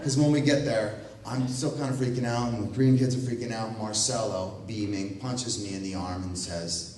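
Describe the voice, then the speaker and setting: Male storyteller for a live comic piece, lively delivery with wry asides, recorded from a distance in a very echoey room. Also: mid-range voice, a little hiss or hum. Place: event room at a library.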